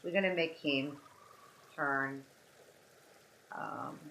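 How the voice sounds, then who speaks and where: A woman's voice: sits low, extremely slow, fairly bright tone, low-quality recording. A young woman from France with a French accent, chatting casually on a live stream as she works through a coding puzzle. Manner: apologetic, chatty, talks through each step.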